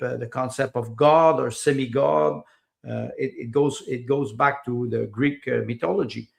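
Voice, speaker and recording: A man with a medium-pitched, gravelly voice chats casually as a podcast guest. He is hesitant, using many fillers and repeated words, and his English shows the small grammar slips of a second-language speaker.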